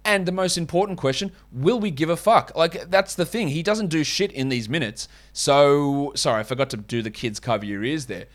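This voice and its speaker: A man with an Australian accent hosts a solo fantasy basketball podcast, his voice a little high and his speed normal with hardly any pauses. He's casual, blunt and opinionated, swearing now and then.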